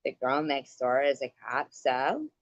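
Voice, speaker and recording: A woman's voice: extremely low pitch, lively intonation, measured pace, no room sound. A woman hosting a casual live-stream chat, giving blunt, profane advice and laughing often. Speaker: livestream host. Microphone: computer mic on live stream. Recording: dull lo-fi stream audio.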